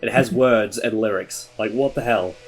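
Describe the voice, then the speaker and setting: A man's voice: on the low side, normal speed, over music. A man chatting casually as a reviewer, joking and wry. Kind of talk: casual group chat.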